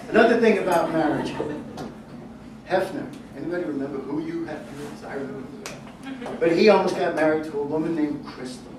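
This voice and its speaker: Stand-up comic heard from afar in echo. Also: male voice, on the high side. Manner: wry storytelling with punchline pauses. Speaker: stand-up comedian. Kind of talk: stand-up comedy set. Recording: echoey room from a distance, noisy.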